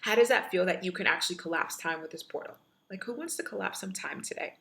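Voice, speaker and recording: A woman coach guides listeners through a meditation and activation, repeating phrases in a chant-like way. Her voice sits low and carries a gravelly fry. Its tone is bright and forward, and her delivery is effusive. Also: fast. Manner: effusive, breathy exclamations, chant-like repetitions. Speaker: spiritual coach.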